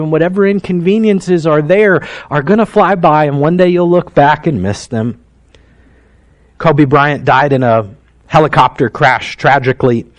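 A man in his thirties, a pastor preaching a sermon in an emotional, heartfelt storytelling manner that drops quiet and then rises to emphasis. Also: a little high.

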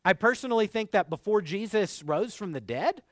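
A man preaching a sermon, retelling scripture with expressive delivery and quoting old English verses. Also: high-pitched, normal speed, dry recording, clean studio sound. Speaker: pastor.

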